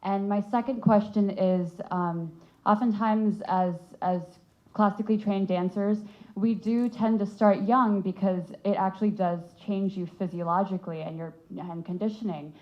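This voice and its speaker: A woman's voice: medium pitch, steady tone, moderate pace, lo-fi sound. A woman in the audience at a film Q&A, a dancer herself, asking long questions politely and earnestly.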